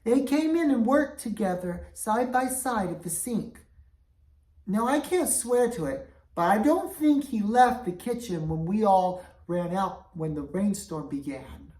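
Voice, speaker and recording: A woman's voice: medium pitch, expressive, a little slow, warm tone, distant mic, pitched above the performer's own voice, lightly acted. A woman doing a polite, earnest servant woman. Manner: polite, eager to testify. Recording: roomy, voice away from mic.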